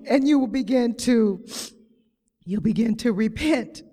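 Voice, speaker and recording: A woman's sermon in church is delivered in a slightly high, animated, mellow voice that rings through a large hall. She draws out her phrases slowly and emphatically, calls on the congregation in call-and-response, and sounds near tears.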